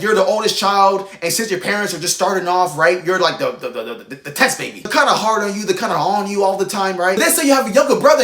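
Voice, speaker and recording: A man's voice: high voice, fairly bright tone, roomy sound. A young man preaching casually to his viewers, blunt and slangy, acting out little voices as he exhorts them. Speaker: online preacher.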